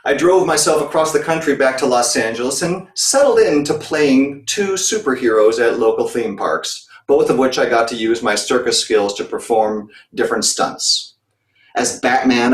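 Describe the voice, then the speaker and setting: A man giving a talk as a circus performer, telling his personal story in an earnest, reflective way. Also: mid-range voice. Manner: earnest, reflective, with occasional restarts. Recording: echoey room, distant mic.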